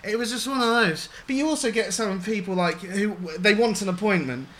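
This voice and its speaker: A man's voice: high voice, brisk, fairly bright tone. A man hosting a radio show, chatting in a rambling way with restarts and the odd swear word. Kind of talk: casual radio chat.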